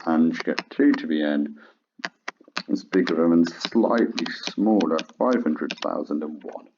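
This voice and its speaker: Deep, slow maths teacher. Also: male voice, warm tone, a little hiss or hum. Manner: chatty and informal with frequent fillers. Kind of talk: classroom lesson. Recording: dull lo-fi sound.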